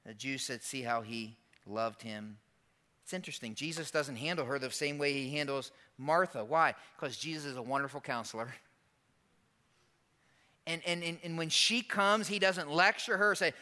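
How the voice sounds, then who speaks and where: Male pastor, bright ringing voice, sermon delivery that swings from hushed to loud, church setting. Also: moderate pace. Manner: dynamic preaching, drops soft then builds loud and high. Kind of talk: Easter sermon.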